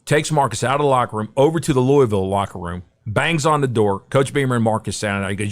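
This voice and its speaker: A man's voice: mid-range voice, fast talker, hardly any pauses. A middle-aged man, a guest broadcaster, telling anecdotes in a podcast interview and acting out the quotes.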